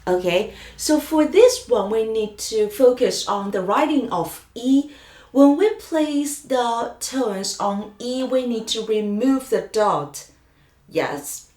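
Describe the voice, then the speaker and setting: Slow, echoey woman teaching pinyin. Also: on the high side, animated, darkish tone. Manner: slow, drawn-out sounds with sung tones. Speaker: Chinese teacher. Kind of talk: slow pinyin drill lesson.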